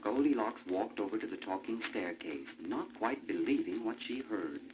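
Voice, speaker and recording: A man narrating a storybook in an animated, expressive way. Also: lowish voice, normal speed, slight background noise. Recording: muffled old vinyl with music.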